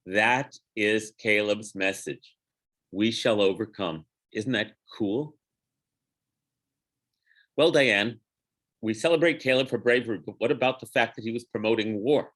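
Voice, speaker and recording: A rabbi leading an informal Torah study class, talking through the text in a digressive way, chanting Hebrew phrases slowly and stopping to correct himself. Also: male voice, lowish voice, fairly bright tone.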